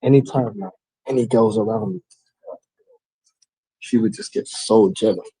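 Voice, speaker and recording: Host, male, husky, dry close sound, loose slangy storyteller. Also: on the low side, a little slow, mellow, no room sound, rough recording. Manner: laid-back storytelling, London slang. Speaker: channel host. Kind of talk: casual chat on a live stream.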